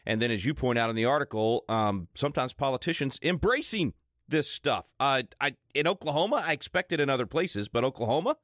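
A man's voice: mid-range voice, brisk, dry recording, studio quality. A man hosting a talk radio show, welcoming and questioning a guest in a conversational way. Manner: conversational, relaxed, with fillers.

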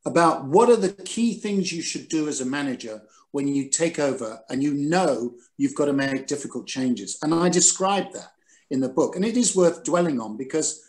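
An older man, in his sixties, talking on a video call. His voice sits a little high for a man, and he tells his stories with animated, dramatic flair, stopping now and then to correct himself. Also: normal speed. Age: 60s. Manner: animated, self-deprecating, quotes others dramatically. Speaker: guest, former newspaper editor. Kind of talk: recalled anecdotes in a Zoom conversation.

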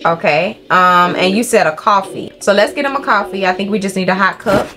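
A young woman doing profane, excitable let's play commentary, talking to her viewers as she plays. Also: mid-range voice, a little fast, background noise. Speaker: gaming creator. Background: game music.

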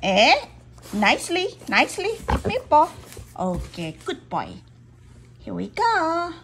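Woman, dog owner, casual playful chat, high voice, slow unhurried delivery. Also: huge pitch swings, a little hiss or hum. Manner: playful, coaxing, laughs often.

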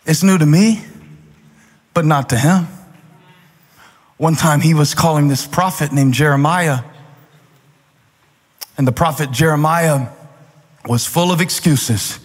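High-voiced man preaching with fervor. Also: a little slow, pauses often, husky. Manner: fervent preaching that builds to shouted, repeated refrains. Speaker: pastor. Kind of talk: sermon. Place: large church auditorium. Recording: long hall reverb.

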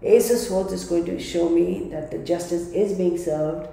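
Tarot reader, gravelly mellow voice, emphatic, repeats phrases, very echoey room. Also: mid-range voice, fairly even intonation, normal speed. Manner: emphatic, repeating phrases while thinking aloud. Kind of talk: tarot card reading video.

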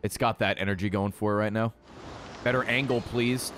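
A man streaming a game, excitable and swearing freely as he yells at the creatures on screen. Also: fairly low pitch, normal speed, slight background noise. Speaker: gaming streamer. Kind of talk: casual let's-play commentary.

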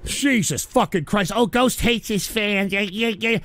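An older man hosting a live show, ranting profanely at his chat and often shouting. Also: sits high, measured pace, few pauses, no room sound. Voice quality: gravelly. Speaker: radio show host reading chat. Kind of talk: ranting live stream talk.

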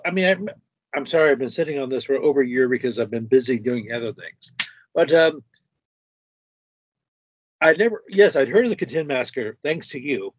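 A man's voice: mid-range voice, slightly rough, no echo, highs cut off. A man hosting a stream, chatting casually and retelling a story with other people's words. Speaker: stream host. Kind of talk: casual conversation.

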